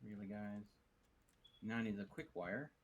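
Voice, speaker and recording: A man's voice: on the low side, normal speed, slight background noise, poor audio. A man hosting a multiplayer game session, instructing his teammates on what to build. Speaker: host organizing the team.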